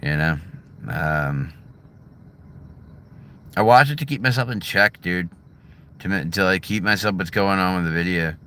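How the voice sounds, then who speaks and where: Middle-aged American man, low and bright-edged, blunt and profane, casual vlog chat outdoors. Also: measured pace, long pauses, clear, resonant tone. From United States. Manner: blunt, profane, swings between heated and subdued. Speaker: vlogger. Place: his driveway.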